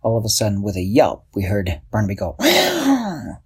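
A man narrating a children's story, expressive and slowing down for suspense. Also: fairly low pitch, breathy edge.

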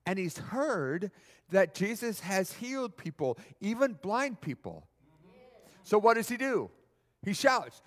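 A man preaching a sermon in a church hall, animated and asking the audience questions. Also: high voice, unhurried. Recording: long reverb of a large hall.

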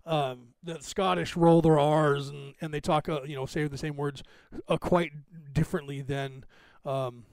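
A man's voice: a little high, steady tone, measured pace, darkish tone, smooth, dry recording. An American man hosting a podcast who rambles in casual commentary, with lots of fillers and restarts. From United States. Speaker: podcast host.

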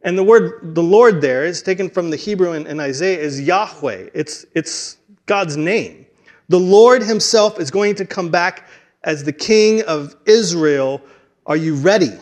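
A man preaching a sermon, telling the story with dramatic swings between hushed and emphatic delivery, often restarting his words. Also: sits high, expressive, moderate pace. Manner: frequent restarts and stumbles.

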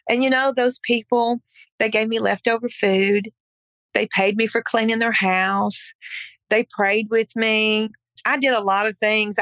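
A woman's voice: mid-range voice, a bit bright, no echo. Earnest woman telling her story, dry sound. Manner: earnest, emphatic storyteller who acts out her own past words. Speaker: podcast guest. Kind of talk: personal testimony storytelling. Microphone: podcast microphone.

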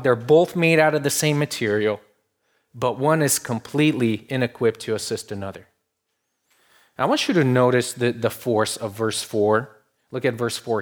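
Speaking at a mid pitch, a male pastor gives his sermon in a relaxed, conversational teaching style. He relies on rhetorical questions and drops to a hushed, low voice whenever he quotes.

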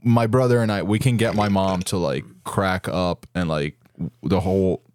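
A man's voice: low-pitched, fairly even intonation, normal speed, darkish tone, slight background noise. A man from Brazil co-hosting a podcast in casual chat, teasing and swearing a lot. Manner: crude, teasing, heavy swearing. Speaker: podcast co-host.

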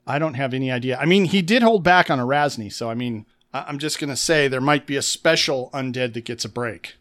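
A man's voice: medium pitch, a little fast, fairly bright tone. A man co-hosting a podcast, casually recapping a tabletop game episode with enthusiasm and making little mouth sound effects as he tells it. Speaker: podcast co-host. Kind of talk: casual chat recapping an actual-play game.

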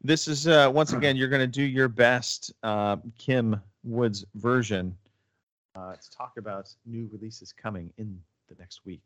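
A man's voice: mid-range voice, unhurried, a bit bright, no echo. A man hosting a casual gaming podcast, rambling with lots of fillers and restarts. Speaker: podcast host. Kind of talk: casual chat about video games.

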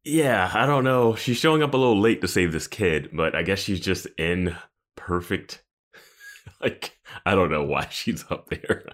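A man co-hosting a podcast, chatting casually about a TV episode, animated and chuckling often. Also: low-pitched, measured pace. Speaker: podcast co-host. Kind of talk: casual chat recapping a TV episode.

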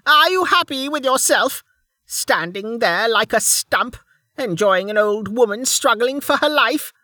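A narrator voicing an unhinged ancient noblewoman in an audiobook, with shrill, drawn-out taunts. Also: animated, fairly bright tone, no room sound, clean studio sound, full character voice. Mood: scornful. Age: older. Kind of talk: audiobook character voice.

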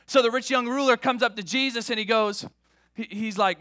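A man preaches a sermon with a high, bright voice. He is animated and restarts his words as he builds each point. The sound is dry and close, with no room echo. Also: fairly quick. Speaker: pastor.

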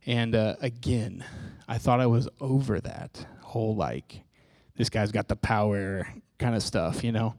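A man's voice: lowish voice, steady tone, a little slow, few pauses, a little mellow, no echo. A man preaching a personal testimony sermon, telling his story candidly and poking fun at himself as he acts out what people said. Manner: candid, self-mocking storytelling with acted-out quotes.

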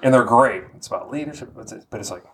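A man's voice: medium pitch, fast, a little hiss or hum. A man co-hosting a podcast in casual chat, joking around and often trailing off. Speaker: podcast co-host.

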